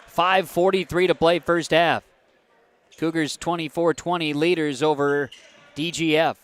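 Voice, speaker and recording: A man doing live play-by-play of a high school basketball game, with quick calls that jump up on big plays. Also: steady tone, clean tone. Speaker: play-by-play announcer.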